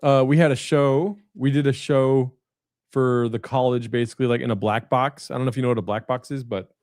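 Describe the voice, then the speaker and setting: A man's voice: medium pitch, steady tone, brisk, darkish tone, no room sound, studio quality. Rambling, profane man telling stories. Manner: rambling anecdotes with frequent fillers and profanity. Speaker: guest comedian. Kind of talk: casual storytelling chat. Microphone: video call.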